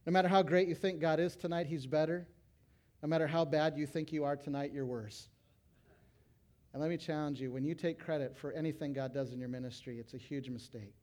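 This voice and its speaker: A middle-aged male pastor preaching to fellow pastors, animated, breaking into loud acted quotes. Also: on the high side, a little fast. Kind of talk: sermon to pastors.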